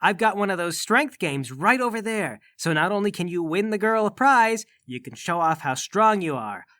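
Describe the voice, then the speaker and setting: A man playing a tabletop game, talking fast and wheedling with stammers. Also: sits high, very animated, bright, forceful tone, no room sound, studio quality. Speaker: player. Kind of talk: tabletop role-play.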